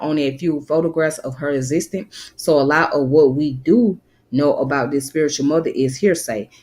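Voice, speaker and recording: Casual man reading history aloud. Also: a little high. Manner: relaxed, reads aloud and comments loosely. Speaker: history channel presenter. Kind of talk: casual talk reading from a web page.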